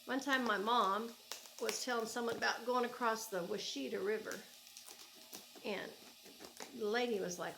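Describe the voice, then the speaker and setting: Oklahoma lady, kinda high voice, chatty and gushy about her crochet stuff. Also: fairly even intonation, normal speed, gravelly, long pauses, background noise. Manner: chatty, gushing, thinks aloud. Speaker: crochet vlogger. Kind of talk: casual chat unboxing yarn. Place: home.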